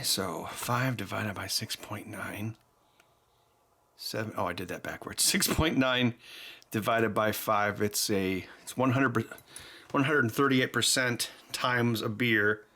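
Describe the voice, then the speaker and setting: A man's voice: medium pitch, fairly bright tone. A tipsy man hosting a casual electronics teardown, rambling and chuckling as he thinks aloud. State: tipsy from beer. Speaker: electronics hacker host.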